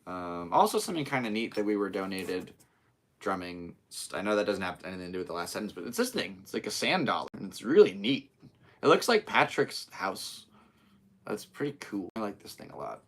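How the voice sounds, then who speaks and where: A young man with a deep, low voice and a gravelly edge, hosting a live podcast from his home. He talks in a loose, rambling, upbeat way, hopping between topics as they come to him, and he sounds like he is speaking into a laptop. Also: animated, brisk, fairly bright tone. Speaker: podcast host. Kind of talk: casual live podcast chat.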